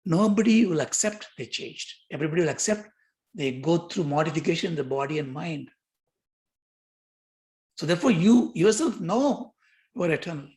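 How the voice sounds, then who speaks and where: Older male teacher, lively questioning lecture delivery, prone to repeats. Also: a little high, moderate pace, long pauses. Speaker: yoga philosophy teacher. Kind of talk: lecture on yoga sutras.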